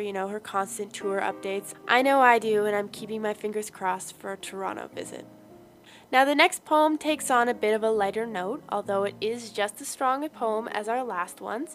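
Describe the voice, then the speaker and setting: A woman hosting a community radio poetry show, chatty and upbeat. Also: mid-range voice.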